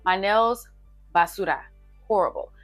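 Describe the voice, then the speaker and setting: A woman's voice: mid-range voice, expressive, measured pace, faint music behind. A young woman chatting casually and playfully while she works through a household budget on paper, teasing herself as she reads numbers aloud. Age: young adult. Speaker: budgeting vlogger.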